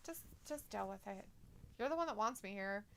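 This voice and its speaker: A woman's voice: medium pitch, lively intonation, fairly quick, vocal fry, a bit bright. A woman co-hosting a casual live stream, reading viewer comments aloud, giggling often and teasing her co-host. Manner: giggly, laughs often between remarks. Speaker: co-host of a live wrestling watch-along stream.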